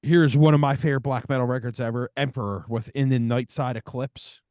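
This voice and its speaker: A man's voice: mid-range voice, steady tone, fairly quick, darkish tone, no echo. Podcast co-host, man, middle-aged, foul-mouthed fan, dry studio sound. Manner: swears a lot, enthusiastic about records. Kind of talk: casual chat.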